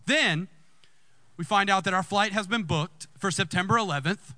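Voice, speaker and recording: A man, a lead pastor telling a personal story in a sermon and jumping high in pitch when excited. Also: a little fast, dry recording.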